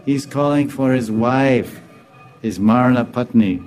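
A man's voice: medium pitch, unhurried, darkish tone, faint music behind, close to an everyday voice. A man doing a loyal female companion reporting. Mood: earnest. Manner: matter-of-fact reporting.

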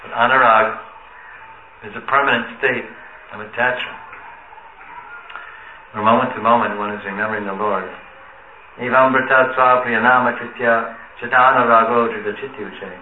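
A man giving an earnest sermon on scripture, quoting and chanting Sanskrit verses and trailing off softly at times. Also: mid-range voice, steady tone, normal speed, long pauses, slight background noise. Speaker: speaker giving a scripture class. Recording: echoey room over a tinny phone-like line.

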